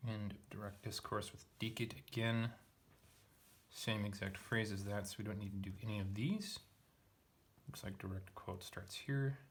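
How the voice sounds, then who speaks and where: A man's voice: fairly low pitch, steady tone, normal speed, a little hiss or hum. A man teaching Latin, methodically parsing verb forms and thinking aloud as he reads through a text. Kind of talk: explaining Latin grammar while reading.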